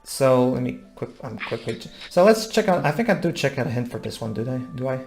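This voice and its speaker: Gravelly, rambling man gaming commentator. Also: medium pitch, very animated, quick pace, darkish tone, faint music behind. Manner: rambling, many restarts, playful. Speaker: let's play commentator.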